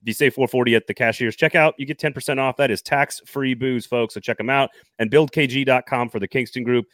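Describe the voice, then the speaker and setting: A man co-hosts a live sports talk show. He jokes, laughs easily and rattles through sponsor reads at an average pitch. His voice sits dry and close to the mic. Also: fairly even intonation, fairly bright tone, no echo. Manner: jokey, laughs often, fast sponsor patter. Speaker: podcast co-host.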